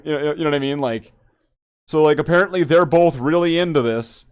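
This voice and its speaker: A man's voice: medium pitch, steady tone, fast, darkish tone, clean tone. A man hosting a podcast in casual chat, rambling and joking, swearing freely. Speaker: podcast host.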